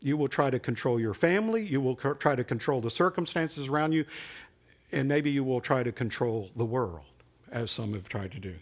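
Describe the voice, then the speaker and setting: Guy preaching, lively ups and downs, chatty then punchy. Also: mid-range voice, moderate pace. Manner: animated and conversational, rising to emphatic peaks. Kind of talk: sermon.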